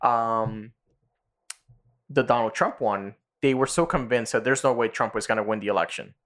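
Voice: mid-range voice, fairly bright tone. Rambling casual podcast co-host. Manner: rambling retelling of cartoon episodes, swearing, with quick put-on voices. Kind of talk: casual chat.

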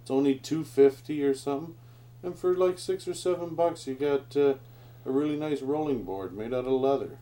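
A man's voice: mid-range voice, normal speed, mellow. Chatty, swearing man. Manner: chatty, profane, rambling. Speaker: board game player. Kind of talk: casual chat over a tabletop war game.

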